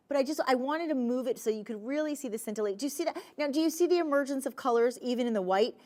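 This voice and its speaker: A woman with a New Jersey accent pitches jewelry on live shopping television. She talks in a chatty, enthusiastic way, full of playful asides, at an everyday middle pitch. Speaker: shopping channel host.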